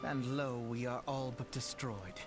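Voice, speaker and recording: A man's voice: medium pitch, a little slow, natural voice. An actor voicing an earnest, formal young male noble scholar in a game, old-fashioned in his speech. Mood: earnest, grave. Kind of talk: game voice acting. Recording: game audio with clear music behind. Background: game music.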